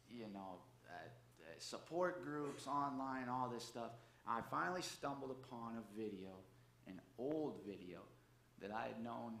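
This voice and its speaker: A man's voice: mid-range voice, a bit bright, a little hiss or hum. Guy preaching a sunday message like he's just talking to you, keeps saying okay? right?, echoey sanctuary. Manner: conversational, tags lines with "okay?" and "right?". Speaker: church speaker. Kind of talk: sermon, personal testimony. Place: church sanctuary. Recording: echoey church room, faint background ambience.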